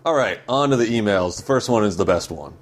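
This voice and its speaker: A man's voice: on the low side, lively intonation, a little fast, a little hiss or hum. A man co-hosting a casual podcast, reading listener emails aloud and breaking into laughter. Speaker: podcast co-host.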